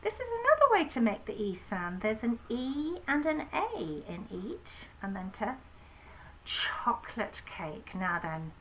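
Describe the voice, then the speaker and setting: A woman with an English accent, an infant school teacher giving a slow phonics lesson to young children, sounding out words clearly. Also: a little high, wildly swooping pitch, a bit bright, slight background noise, low-quality recording. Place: home, recording a home-learning video.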